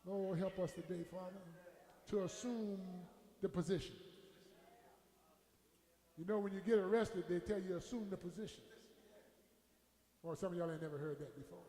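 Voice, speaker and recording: Man, pastor, very high voice, preaching and shouting in a reverberant church hall. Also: normal speed, pauses often. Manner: preaching with shouts and call-and-response, drops to a low aside. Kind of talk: sermon. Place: church sanctuary. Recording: echoey hall with long reverb.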